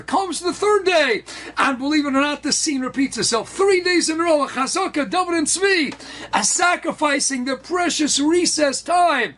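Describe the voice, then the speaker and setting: High-pitched animated storytelling rabbi. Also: male voice, normal speed. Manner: lively, acts out children's voices, sprinkles Hebrew and Yiddish terms.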